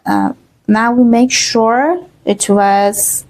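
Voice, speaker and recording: Slow, fairly high-voiced Persian-accented woman teacher. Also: a little mellow. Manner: slow, many fillers, repeats words with "okay?". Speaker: English teacher. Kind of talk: online exam-prep lesson.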